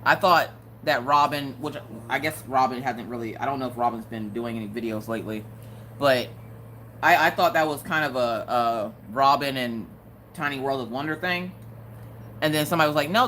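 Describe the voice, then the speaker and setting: Low-voiced joking woman streamer. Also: lively intonation, moderate pace, a bit bright, a little hiss or hum. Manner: joking, chatty, laughs often. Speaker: live-stream host. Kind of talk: casual chat while crafting on a live stream.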